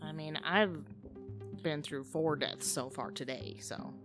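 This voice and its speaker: A woman's voice: sits low, unhurried, over music. A woman playing in a tabletop role-playing game, thinking aloud with fillers as she recalls details. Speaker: player. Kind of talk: tabletop role-play chat.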